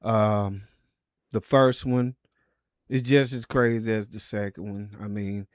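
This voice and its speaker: A man hosting a livestream talk show, opening the episode and chatting in a relaxed, affirming way. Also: on the low side, takes it slowly, no echo, studio quality. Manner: relaxed, affirming, laid-back. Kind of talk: casual livestream chat.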